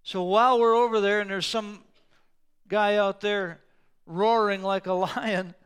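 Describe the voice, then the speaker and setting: Male pastor, high voice, smooth and resonant, lively storyteller who booms at key points. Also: measured pace. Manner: animated storytelling, sometimes roaring for emphasis. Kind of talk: sermon.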